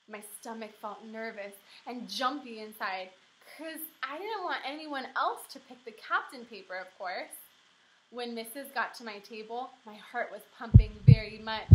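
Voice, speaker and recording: A woman teacher reading a children's book aloud to young pupils, acting out the dialogue with lively expression. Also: a little high, normal speed, slight background noise, rough recording. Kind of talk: children's read-aloud narration.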